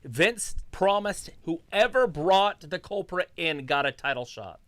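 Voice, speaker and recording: A woman's voice: lowish voice, lively intonation, takes it slowly, no room sound. A woman co-hosting a casual live stream, calling out what happens on screen, teasing and laughing along. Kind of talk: casual chat and play-by-play reactions.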